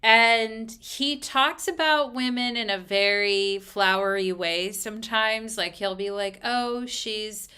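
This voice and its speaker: A woman's voice: medium pitch, slow pace, hardly any pauses, sharp tone, smooth. A woman astrologer talking casually as she explains a chart, full of fillers and asides. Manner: chatty, frequent fillers, explaining step by step.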